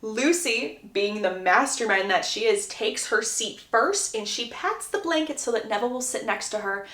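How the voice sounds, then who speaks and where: A woman content creator recapping a book plot in a chatty, animated storytelling manner. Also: fairly high pitch, normal speed. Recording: roomy echo.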